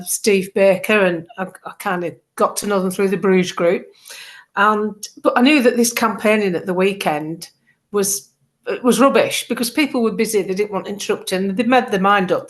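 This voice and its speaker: A middle-aged woman, chatting casually as a guest and acting out the quotes in her stories. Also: medium pitch. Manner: animated storyteller, acts out quotes. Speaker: political campaigner, guest. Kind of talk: casual chat.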